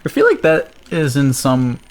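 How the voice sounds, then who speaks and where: A man's voice: mid-range voice, huge pitch swings, normal speed, smooth. A man co-hosting a casual gaming video, rambling and restarting his sentences. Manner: rambling, hesitant, full of restarts. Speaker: co-host.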